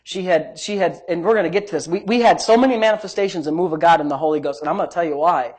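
Man, middle-aged, pastor, sermon storytelling, animated, laughs between lines. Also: a little high, rapid-fire, breathy edge. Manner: animated, swings loud and soft, laughs while telling.

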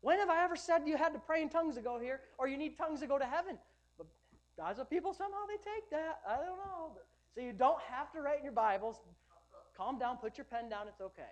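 A woman's voice: sits high, animated, fast talker, muffled recording. A woman pastor preaching a sermon, rhythmic and emphatic, with lighthearted asides to the congregation.

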